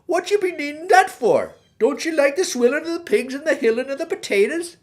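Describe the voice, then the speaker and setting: A woman's voice: high-pitched, sing-song, brisk. A woman voicing a blunt, mocking old male bridge troll. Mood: gruff.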